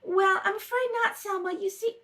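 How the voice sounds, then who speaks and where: A woman doing a gently coaxing wife. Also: very high-pitched, moderate pace. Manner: coaxing, sympathetic. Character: caring wife, gently persuasive. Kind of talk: amateur radio play rehearsal. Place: home kitchen table.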